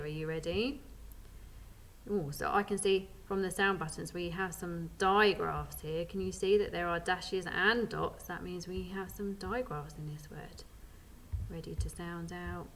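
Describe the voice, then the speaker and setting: A young woman leads a children's phonics lesson at a very slow, deliberate pace, sounding out every letter and praising each answer. Her voice sits fairly low for a woman, and a faint hum runs under the recording. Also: a bit bright. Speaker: primary school teacher.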